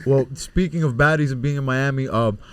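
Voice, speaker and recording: A man hosting a casual podcast who talks in quick, relaxed, slangy banter. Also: mid-range voice, smooth. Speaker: podcast host.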